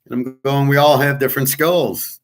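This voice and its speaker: A man's voice: medium pitch, steady tone, moderate pace. A man hosting his own daily online class, telling a story in a blunt, profane and exasperated ranting monologue.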